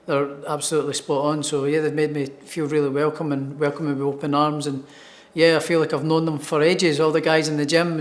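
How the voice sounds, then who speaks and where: A man with a Scottish accent, a professional boxer answering interview questions in an upbeat way and repeating words as he starts his thoughts. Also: on the high side. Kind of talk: sports interview.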